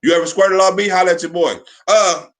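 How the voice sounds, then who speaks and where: A man hosts a live stream with casual, teasing commentary, cursing freely and stammering through restarts. His voice sits high for a man. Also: steady tone, quick pace.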